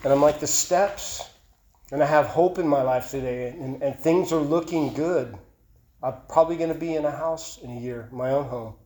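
A man's voice: a little high, fairly quick, darkish tone. A man giving an earnest, confessional personal testimony at a recovery meeting, often repeating and restarting his phrases. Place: meeting room. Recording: echoey meeting room.

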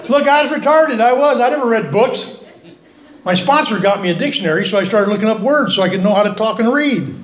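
An older man giving a folksy, earnest talk at a recovery meeting, with self-mocking humor. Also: high voice. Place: meeting room, speaking from the front. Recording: echoey meeting room.

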